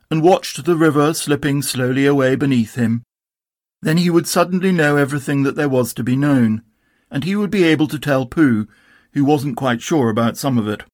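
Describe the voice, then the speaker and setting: A man narrating a children's storybook in a gentle, measured way. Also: medium pitch, lively intonation, no room sound, clean studio sound. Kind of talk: storybook reading.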